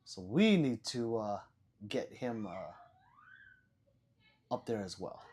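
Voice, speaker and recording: Older man, livestream host, reads chat, swears a lot, stammers, loud then mumbling. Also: lowish voice, sing-song, slow, slightly rough. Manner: profane, rambling, stammers and repeats words; loud swings between shouting and muttering.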